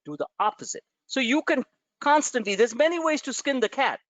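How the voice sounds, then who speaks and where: Animated, profane trading webinar host. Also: male voice, very high voice, fairly quick. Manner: animated, profane, tangents into personal stories. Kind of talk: live market webinar, casual.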